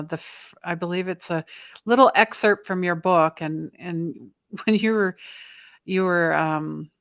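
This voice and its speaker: A woman's voice: low-pitched, fairly bright tone, dry recording. A woman hosting an interview, reacting and chatting with frequent fillers. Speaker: podcast host. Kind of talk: conversational interview.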